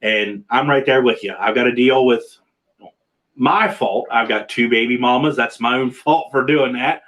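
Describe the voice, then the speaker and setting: Male host, mid pitch, loose rambling chat over a video call. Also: moderate pace, a bit bright, highs cut off. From Pennsylvania. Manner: rambling, repeats words and restarts often. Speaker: podcast host.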